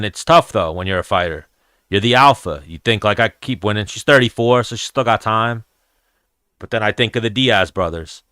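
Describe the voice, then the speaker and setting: A man's voice: mid-range voice, no echo, studio quality. A man hosting a podcast, telling casual stories, swearing freely and acting out what others said. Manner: profane, animated storyteller acting out quotes. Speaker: podcast host. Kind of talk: casual storytelling chat.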